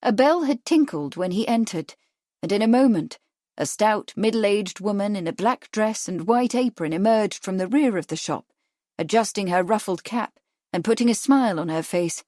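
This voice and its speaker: A woman narrating a mystery audiobook in a calm, measured reading. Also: mid-range voice, dry recording, clean studio sound. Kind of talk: scripted narration.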